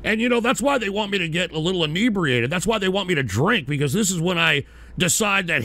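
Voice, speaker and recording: A man's voice: high voice, lively intonation, fast, pushed and bright, no echo. A man hosting a call-in radio show, rambling through viewer names with brash, profane, mock-indignant banter.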